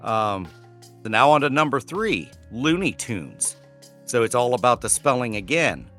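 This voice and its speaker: Bright-voiced man chatting casually. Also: mid-range voice, very animated, unhurried, faint music behind. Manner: rambling, self-correcting, swears casually. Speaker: podcast co-host. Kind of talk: casual chat.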